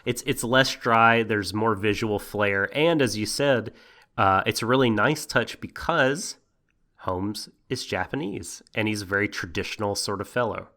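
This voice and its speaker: A man with a lower voice and a bright, forward tone, explaining things patiently on a casual podcast. He pauses and hesitates often as he works through his thoughts. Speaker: podcast co-host. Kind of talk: casual anime review chat.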